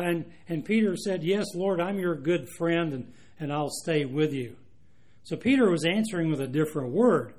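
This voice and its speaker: A man preaching a sermon, earnest and unhurried, with frequent restarts and fillers. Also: on the high side.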